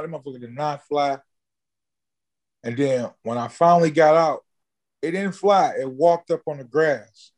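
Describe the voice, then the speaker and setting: A man in an interview, casually telling a long story, swearing freely and jumping high in pitch when he acts out what people said. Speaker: interview guest, musician.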